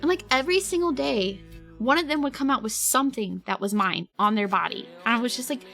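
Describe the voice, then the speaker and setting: A young woman talks to her stream in a loose, giggly ramble, leaning on "like" in nearly every phrase. Her voice sits slightly on the higher side. Soft music plays faintly in the background. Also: animated, fairly quick, creaky. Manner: rambling, giggly, heavy use of "like". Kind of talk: casual storytelling to a live chat.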